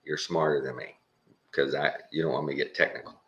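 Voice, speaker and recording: Texan man, very deep voice with a bright, pushy edge, casual rambling host who chuckles a lot. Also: steady tone, brisk, dull audio. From Texas. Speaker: channel host. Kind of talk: casual monologue.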